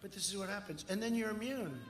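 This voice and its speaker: A man's voice: high voice, quick pace. A man in his seventies giving a campaign rally speech, rambling and repetitive with mocking asides. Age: 70s. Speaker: political candidate at a rally. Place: large outdoor rally. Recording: echoey rally sound system with long reverb and faint noise.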